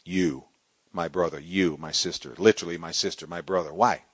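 A middle-aged man preaching a sermon, swinging from loud, soaring exclamations to quiet storytelling. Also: deep voice, steady tone, fairly quick, breathy edge, dry recording.

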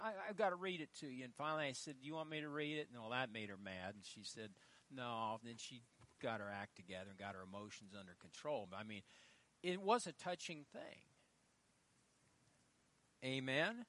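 A middle-aged male pastor preaching a sermon, telling stories with loud emphatic lines and quiet asides. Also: fairly high pitch. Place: church.

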